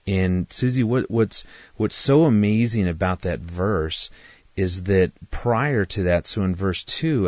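A middle-aged man, a guest on a faith talk show, telling a personal story in an animated way, restarting his sentences and laughing often. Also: sits low, no echo. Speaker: guest, marriage ministry speaker. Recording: dry, slightly muffled studio recording.

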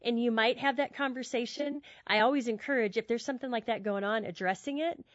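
A woman with a slightly high voice talks earnestly in a casual, conversational teaching style, often circling back and repeating words as she works out her thought. The audio is dull and very dry. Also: brisk, no room sound. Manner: warm, earnest, repeats words while thinking. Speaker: guest speaker on friendship.

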